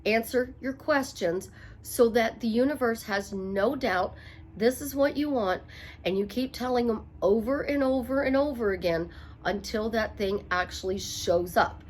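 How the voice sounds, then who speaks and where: Emphatic motivational woman coach, slightly high. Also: unhurried. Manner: emphatic, repetitive, playful asides. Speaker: life coach. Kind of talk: motivational talk to camera.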